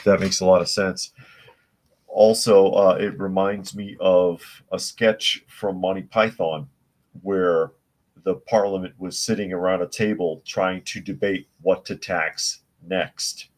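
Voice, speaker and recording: A man's voice: low-pitched, fairly even intonation, takes it slowly. A man hosting a live news podcast, reading articles and chat comments aloud and answering them with blunt, scoffing opinions. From United States.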